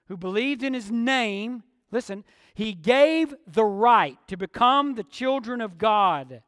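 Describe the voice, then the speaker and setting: In a strikingly high voice, a male pastor delivers a forceful sermon, leaning on key words and sliding into hushed asides. The microphone is close and dry, but a lengthy reverb trails off through the sanctuary.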